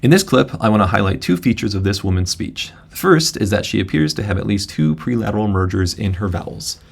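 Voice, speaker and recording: A man teaching a software tutorial in a casual, halting way with many restarts, recorded on a laptop's built-in microphone. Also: on the low side, lively intonation, vocal fry, breathy edge. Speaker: instructor. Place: indoor room at a laptop.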